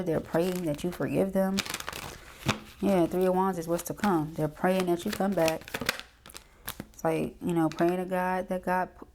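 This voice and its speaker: A woman's voice: on the low side, warm tone, a little hiss or hum. Slangy, chatty woman reading tarot cards. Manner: chatty, slangy, asks "okay?" often. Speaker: tarot reader.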